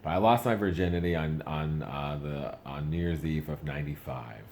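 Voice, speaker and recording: Very deep-voiced man doing stand-up. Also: normal speed, a little mellow, slight background noise. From Canada. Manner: chatty and self-mocking, voice jumps up for punchlines. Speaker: stand-up comedian. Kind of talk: stand-up comedy set.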